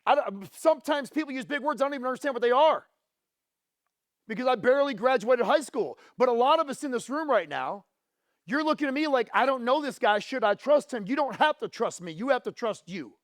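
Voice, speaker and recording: A motivational speaker giving a keynote from a stage, telling a hard personal story and firing questions at the audience. He goes low and quiet on painful memories and turns loud and quick when he pushes the crowd. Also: lively intonation, dry recording, studio quality. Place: conference stage.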